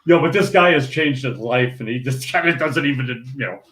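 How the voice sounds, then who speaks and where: Brisk and medium-pitched, this older St. Paul, Minnesota native, formerly a pro bowler, tells a casual podcast story, animated and laughing, restarting again and again. The space sounds echoey and roomy.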